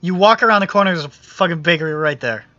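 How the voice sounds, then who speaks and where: A man's voice: fairly high pitch, fast talker, sharp tone, muffled recording. A man running a tabletop game as game master, narrating loosely and joking with the players. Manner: loose, joking, with many uh fillers.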